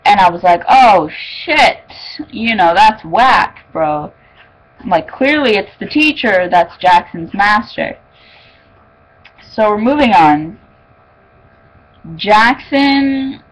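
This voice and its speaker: A woman's voice: lowish voice, low-quality recording. Chatty young woman recapping an episode. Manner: chatty and excitable, lots of "like" and "oh my god". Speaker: fan reviewing an episode.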